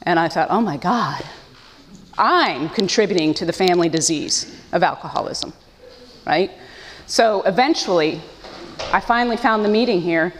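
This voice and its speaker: A woman's voice: fairly low pitch, expressive, moderate pace, long reverb tail, a little hiss or hum. A woman giving an earnest, emotional personal testimony to a support group, her voice breaking with feeling. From United States. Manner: earnest, emotional, with self-deprecating laughs. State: choked up. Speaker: speaker sharing her story at a support meeting.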